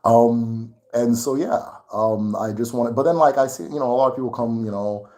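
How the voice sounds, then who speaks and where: A male host with a Nigerian English accent chats casually with his viewers. He grows animated and worked up, laughs often, and his mid-range voice climbs as he gets heated. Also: mid-range voice, moderate pace. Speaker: channel host. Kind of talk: casual livestream chat.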